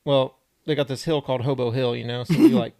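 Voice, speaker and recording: A man's voice: mid-range voice, fast talker, a little mellow. A young man co-hosting a podcast, telling a story in a laid-back, easygoing way. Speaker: podcast co-host. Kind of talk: casual storytelling chat.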